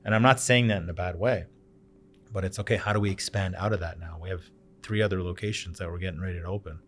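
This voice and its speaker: A man's voice: deep voice, quick pace. A man in his thirties from Canada, a bar owner chatting as a podcast guest, telling stories and acting out the other people's voices. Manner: animated storyteller, acts out quoted voices. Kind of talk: casual chat.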